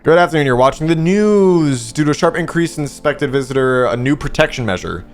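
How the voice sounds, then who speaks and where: A man's voice: a little high, animated, brisk, soft background music, close to an everyday voice. A man voicing a male television news announcer, reading in a formal, announcing way.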